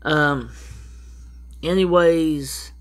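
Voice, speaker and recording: A man's voice: a little high, drawn-out words. A man giving rambling, casual how-to advice as a prepper vlogger, with frequent restarts and asides.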